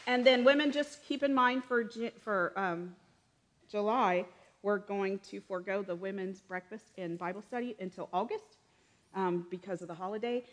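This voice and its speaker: A woman's voice: mid-range voice, moderate pace. Chatty woman leading church announcements. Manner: warm, chatty, frequent amens. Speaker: church leader. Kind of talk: church service announcements and prayer.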